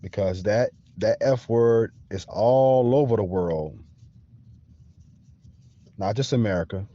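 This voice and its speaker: A man's voice: fairly low pitch, warm tone, dull audio. A man hosting a podcast in a casual monologue, keeps checking in with the listener. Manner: slow, checks in with the listener often. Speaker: podcast host.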